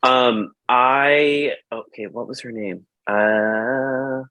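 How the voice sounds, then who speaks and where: A man's voice: mid-range voice, fairly even intonation, extremely slow, bright, forceful tone, no room sound. Rambling male host, dry sound. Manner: rambling, filler-heavy with lots of "like"; acts out his own reactions in quotes. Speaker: podcast host. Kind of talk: casual film review chat.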